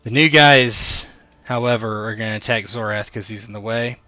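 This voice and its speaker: A man's voice: on the low side, normal speed, pushed and bright, dry recording. A man narrating as game master of a tabletop role-playing game, in a loose, rambling way, often correcting himself.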